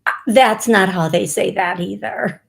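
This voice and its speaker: Slow-talking woman psychic host. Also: medium pitch, vocal fry. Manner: rambling, playful, laughs often, spells names out. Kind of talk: live call-in reading.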